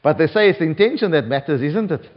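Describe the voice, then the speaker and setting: High-pitched, animated male preacher. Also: quick pace. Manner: animated, dramatic delivery. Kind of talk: sermon with scripture reading. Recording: dull lo-fi recording.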